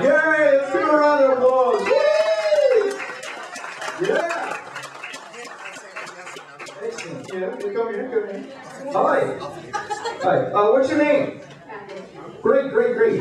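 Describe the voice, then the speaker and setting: A male stand-up comedian telling crude deadpan one-liners, with filler "uh"s, to a club audience. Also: very high voice. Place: hotel comedy club stage, indoors. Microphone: handheld stage mic. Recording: echoey club from far off, crowd laughing. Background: audience laughter.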